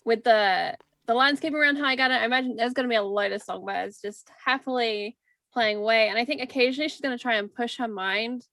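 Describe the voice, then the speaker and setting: Calm woman narrating her character's actions. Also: on the high side, fairly quick, no room sound. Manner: calm, descriptive storytelling. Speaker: player.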